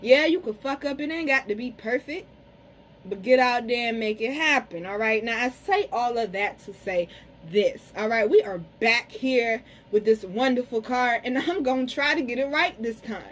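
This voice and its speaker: A woman giving a casual card reading to camera, talking frankly to her viewers, cursing freely and slowing down to say some words carefully. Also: fairly high pitch, a little hiss or hum, rough recording. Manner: frank, chatty, curses freely, addresses viewers as y'all. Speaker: tarot and spiritual reader.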